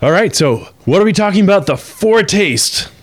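A man's voice: sits high, quick pace. A man from Long Island co-hosting a casual podcast, telling stories with playful energy. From Long Island, New York. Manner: animated, playful storyteller. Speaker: podcast co-host. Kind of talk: casual chat.

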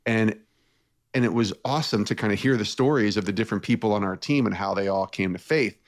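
A man appearing as a radio interview guest, telling a personal story in a lively way, with his voice lifting when he is moved. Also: fairly low pitch, fast.

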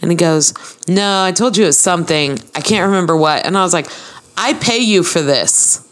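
A woman's voice: lowish voice, fairly quick, a bit bright. A woman co-hosting a casual podcast, telling stories and acting out the dialogue. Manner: chatty storyteller acting out quoted dialogue. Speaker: podcast co-host. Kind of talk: casual chat, storytelling.

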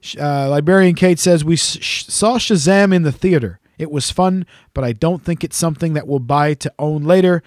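A man with a somewhat high voice hosts a podcast in casual chat, reading out listener messages. His delivery rambles and teases, full of ums and restarts. The sound is dry and close, with little room around it. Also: moderate pace, few pauses, darkish tone, no room sound. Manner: teasing, rambling with many fillers. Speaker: podcast co-host.

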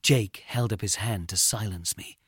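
A man reading a suspenseful story aloud in a measured voice that drops to a hush at tense moments. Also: lowish voice, husky, no echo, clean studio sound. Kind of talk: scripted story narration.

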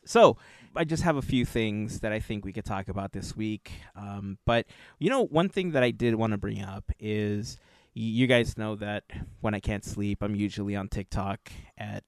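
Laid-back man with a low, dry voice. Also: moderate pace, dry recording. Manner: laughs often, rambling. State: under the weather. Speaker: podcast co-host. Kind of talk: casual chat.

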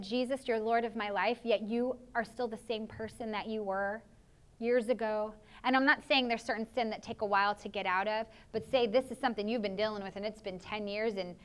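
A woman pastor preaching a sermon in an earnest, confessional way, often slipping into spoken prayers as asides. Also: medium pitch.

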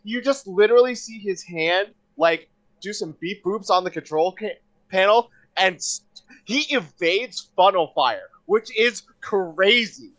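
A man in casual podcast chat, excitable and rambling, swearing often with lots of fillers. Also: sits high, a little slow.

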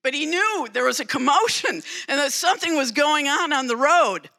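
Preacher telling a bible story in a sermon, bright voice, dramatic and repeats lines for punch. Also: sits high, animated, moderate pace. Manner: dramatic storytelling with emphatic repetition.

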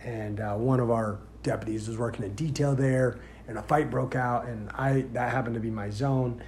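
A man who works as a deputy, telling a story in a casual, rambling way with many fillers and growing loud and animated as he goes. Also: mid-range voice, normal speed, a little hiss or hum. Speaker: sheriff's deputy.

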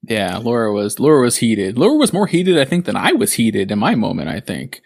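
A young adult man co-hosting a podcast over a video call, talking casually. His pitch swings up and down in a lively way. He rambles, fills his talk with likes and swears freely. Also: brisk, creaky. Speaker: podcast co-host. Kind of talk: casual chat. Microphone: remote video call.

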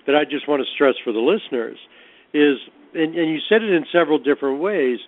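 A man's voice: on the high side, no echo. Reflective male host on a phone line. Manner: reflective, stresses points for listeners. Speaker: radio show host. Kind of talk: interview commentary. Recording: tinny dry phone line.

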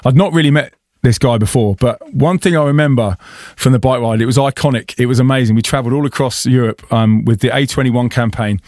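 A man's voice: mid-range voice, brisk, darkish tone, no echo. A man hosting a podcast in casual chat, chatty and often laughing, talking from a small insulated studio. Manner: chatty, laughing, filler-heavy. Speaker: podcast host.

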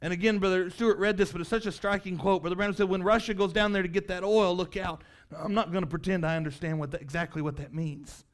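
A male preacher giving a fiery sermon, asking the congregation questions and building to impassioned shouts. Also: steady tone, fast, few pauses. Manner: high-pitched, emphatic, sweeps between quiet and loud.

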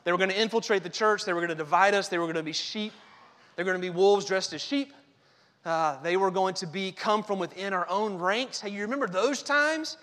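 A man's voice: high-pitched, normal speed, fairly bright tone, in a large hall. A man preaching a sermon as pastor, conversational and emphatic, with repeated phrases.

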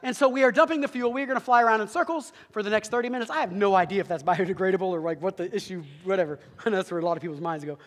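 A man telling a humorous story in a sermon, animated and quick, with asides to the audience. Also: high voice. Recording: long hall reverb.

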